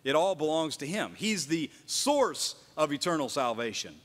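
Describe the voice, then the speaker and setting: A man's voice: fairly high pitch, big pitch swings, moderate pace, in a large hall. A man preaching a sermon at a house church, earnest, often repeating and restarting his phrases and rising for emphasis. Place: house church meeting room.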